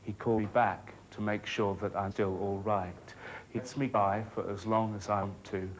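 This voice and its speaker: A man performing a spoken-word monologue in a measured, rhythmic storytelling manner. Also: on the low side, level tone, slight background noise.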